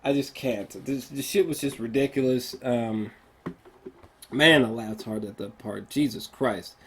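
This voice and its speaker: A man's voice: medium pitch, a little slow, fairly bright tone, a little hiss or hum. A man giving a casual spoken film review, ranting in exasperation, swearing often and stumbling through many fillers. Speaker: movie reviewer.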